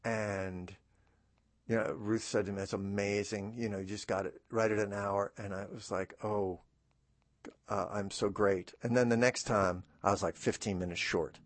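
A man's voice: on the low side, fairly even intonation, moderate pace, no room sound. A man hosting a radio talk show in a studio, rambling in a chatty, self-deprecating way with many fillers and restarts. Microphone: studio microphone.

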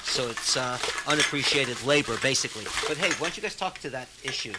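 A man's voice: medium pitch, lively intonation, quick pace, heavy background noise. A man hosting a casual radio chat, talking in a loose, rambling way with many fillers. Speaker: radio host.

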